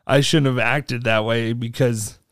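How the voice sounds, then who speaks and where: Animated storytelling man, dry close sound. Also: measured pace, no room sound. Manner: animated, acts out quotes with big pitch jumps. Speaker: podcast co-host. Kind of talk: casual storytelling chat.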